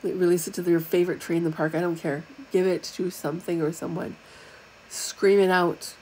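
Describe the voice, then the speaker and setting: A woman's voice: fairly low pitch, little pitch movement, normal speed, mellow, slight background noise, rough recording. A middle-aged woman giving a frank, chatty spiritual talk to online viewers, with casual asides. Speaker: spiritual teacher. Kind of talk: live-streamed spiritual talk.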